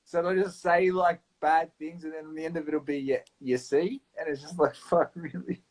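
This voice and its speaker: Blunt, high-voiced Australian man. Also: fairly quick, rough recording. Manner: blunt, swears freely, animated. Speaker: round table co-host. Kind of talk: casual chat.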